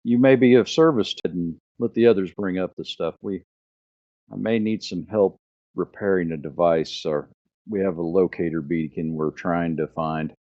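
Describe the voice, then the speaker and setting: A courteous, commanding armored knight, voiced by a man running a tabletop game. He speaks formally in a very deep voice. The sound is muffled and lo-fi. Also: moderate pace, darkish tone. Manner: polite, formal speech. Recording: muffled lo-fi audio.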